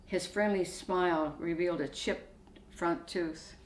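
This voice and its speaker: Author reading fiction, low woman's voice, echoey room with faint hiss. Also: takes it slowly, recorded from a distance. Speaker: author reading her story. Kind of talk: reading a short story aloud.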